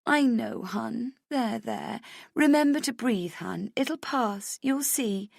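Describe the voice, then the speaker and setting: A woman's voice: a little high, slow pace, gravelly, dry recording, studio quality, voice pushed up, heavily acted. A woman voicing a motherly young female friend who soothes with pet names in an audiobook. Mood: soothing. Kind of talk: audiobook character voice.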